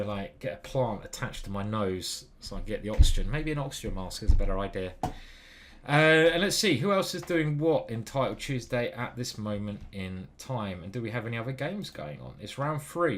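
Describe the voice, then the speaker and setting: A man commentating on his own online chess game as he plays, muttering to himself, swearing and getting excited. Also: fairly low pitch, moderate pace. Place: small stuffy room.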